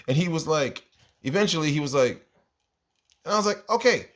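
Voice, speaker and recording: A man who teaches kindergarten, telling funny stories from his class in a casual, exasperated, animated way and jumping up in pitch when he quotes himself. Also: brisk, pauses often. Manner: animated, exasperated, jumps into high voices when quoting himself. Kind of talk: casual storytelling monologue.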